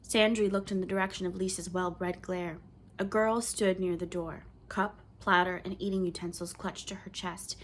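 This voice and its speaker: A woman reading a children's novel aloud in clear, measured storybook narration. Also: fairly low pitch, fairly even intonation, slight background noise. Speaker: audiobook reader.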